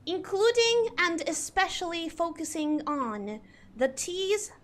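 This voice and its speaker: A woman's voice: extremely high pitch, very animated, a bit bright, slight background noise, heavily acted. A woman putting on a posh British lady. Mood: earnest. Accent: put-on posh British (received pronunciation). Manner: slow, deliberate over-enunciation of every letter and long vowels. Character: prim posh English lady, careful and proper. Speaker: streamer. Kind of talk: live game stream, accent challenge.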